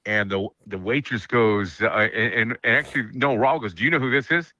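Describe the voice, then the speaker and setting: A man hosting a radio chat, telling jokey stories in an animated way. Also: fairly low pitch, no echo, lo-fi sound. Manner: animated, jokey, quick asides. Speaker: radio host. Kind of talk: casual storytelling chat.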